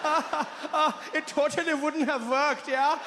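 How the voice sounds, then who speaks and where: A man's voice: extremely high pitch, a little fast, background noise, pitched above the performer's own voice. A man voicing a teasing German male friend with a put-on German accent, laughing in a sing-song way. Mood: cackling. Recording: stage mic in a reverberant hall.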